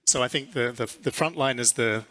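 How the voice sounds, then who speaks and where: Bright-voiced New Zealand man, businesslike. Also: mid-range voice. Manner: measured, businesslike, with frequent fillers. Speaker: airline CEO. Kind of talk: conference interview.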